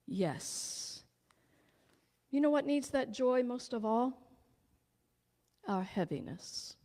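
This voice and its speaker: A woman with a somewhat high voice gives an inspirational spiritual talk, full of joyful enthusiasm. She speaks as a teacher and channeler. Her voice rings with a long reverb. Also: a little mellow.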